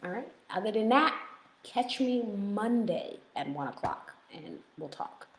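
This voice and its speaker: A woman's voice: mid-range voice, lively intonation, measured pace, roomy sound, a little hiss or hum, low-quality recording. A middle-aged American woman, a weight-loss coach, chatting casually on a live stream in a playful, motivational way and laughing often.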